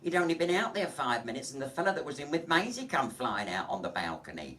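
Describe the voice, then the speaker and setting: Lively camp comedian telling bawdy jokes. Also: male voice, medium pitch, quick pace, distant mic. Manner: chatty, gossipy, laughs at own jokes, acts out voices. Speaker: drag comedian. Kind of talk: bawdy stand-up storytelling. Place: small pub, live show.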